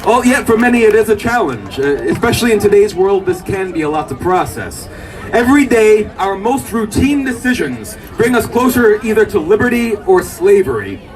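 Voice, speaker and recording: A man giving an impassioned speech to a rally crowd, building up to shouts. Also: high-pitched, big pitch swings, normal speed. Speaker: rally speaker. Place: outdoor city rally. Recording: distant livestream mic with crowd behind.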